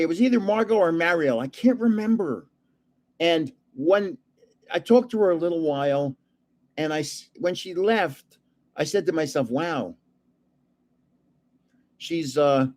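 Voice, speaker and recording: An older man chats about his past in a loose, rambling way, chuckling between stories. His voice sits a little high for a man. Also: a little mellow. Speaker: card channel host. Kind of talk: casual storytelling chat.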